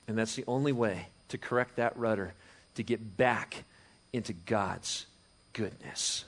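A man preaching a sermon as pastor, conversational and animated, moving from hushed to loud and emphatic. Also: on the low side, unhurried. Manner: conversational with frequent restarts and chuckles.

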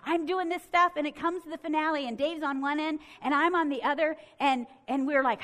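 Woman, middle-aged, from Michigan, high voice, sermon storytelling, animated. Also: a little fast, few pauses. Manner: animated, acts out quotes with swings in loudness.

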